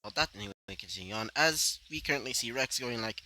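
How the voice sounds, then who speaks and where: A man's voice: medium pitch, animated, quick pace, very noisy. A man casually narrating a fan story, rambling with many fillers and ranting asides.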